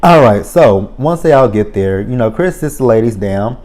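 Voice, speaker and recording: A man's voice: mid-range voice, expressive, moderate pace, darkish tone. A man giving a casual spoken recap of a reality show, blunt and profane, ranting with exasperation.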